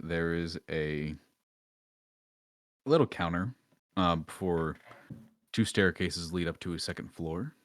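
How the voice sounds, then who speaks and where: A man running a tabletop game as dungeon master, describing scenes in a relaxed way with many fillers. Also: low voice, dry recording, studio quality.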